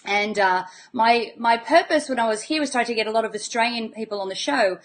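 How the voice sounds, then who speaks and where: A woman hosts an interview in a slightly high voice. She is friendly and often restates her guests' ideas in her own words. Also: brisk. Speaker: host.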